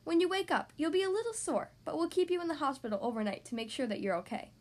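A kind bear doctor from a storybook speaks calmly and reassuringly, as a woman voices her. Her voice sits high and gentle. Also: fast talker. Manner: calm, reassuring.

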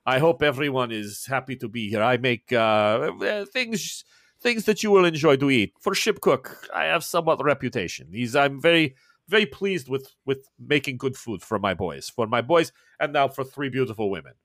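A man voicing a proud, jovial ship's cook in his sixties who talks slowly and effusively in broken English. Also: medium pitch, dry recording, studio quality, natural voice. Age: 60s. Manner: slow, effusive, broken grammar. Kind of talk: tabletop game character voice.

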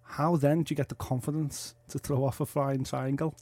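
A man's voice: medium pitch, dry recording. A man hosting a sports talk radio show from a studio. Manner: energetic presenter, fast links.

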